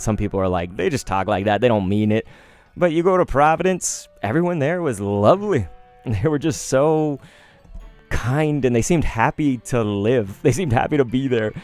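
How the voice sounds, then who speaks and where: A chatty man in his thirties hosts a casual card-opening stream, wandering from story to story. His voice sits at an ordinary middle pitch, with soft music playing faintly behind him. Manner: chatty and rambling, excitable outbursts. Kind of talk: casual live-stream chat.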